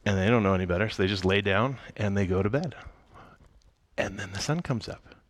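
A man's voice: lowish voice, fairly quick. A man preaching a sermon in a conversational, humorous storytelling way. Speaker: pastor.

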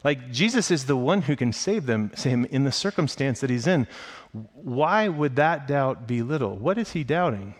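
Excited male pastor preaching a sermon. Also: moderate pace. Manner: excited storytelling, with acted asides in a higher voice.

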